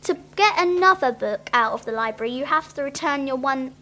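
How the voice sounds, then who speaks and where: A woman's voice: sits high, animated, fairly quick, sharp tone. A schoolgirl with an English accent presenting a school radio show, chatty and leading the talk. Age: child. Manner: chatty, bossy, leads the talk. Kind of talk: casual chat.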